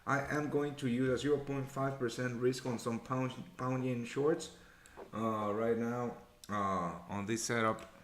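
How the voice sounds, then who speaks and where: A man's voice: mid-range voice, fairly even intonation, unhurried. A man hosting a live trading show, chatting casually, thinking aloud, muttering figures and swearing now and then. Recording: echoey room.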